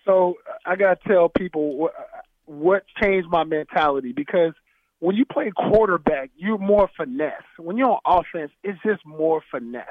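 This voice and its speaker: High-voiced man telling stories on a tinny line. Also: normal speed, no echo. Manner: animated, laughing, acts out his coach's voice. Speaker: former football player and podcast co-host. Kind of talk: casual storytelling chat. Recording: dry, tinny phone-like sound.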